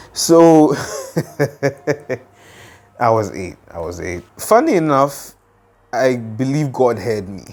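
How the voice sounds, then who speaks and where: A young man casually telling a childhood story, lively and dramatic, with lots of fillers. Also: medium pitch.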